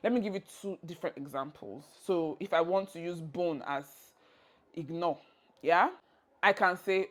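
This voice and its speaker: A woman's voice: on the low side, normal speed. A Nigerian woman giving a casual video lesson, playfully acting out example phrases as she teaches. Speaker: language tutor.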